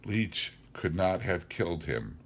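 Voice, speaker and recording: A man reading a classic novel aloud as narrator, in a measured, deliberate way. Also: deep voice, very animated. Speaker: audiobook reader.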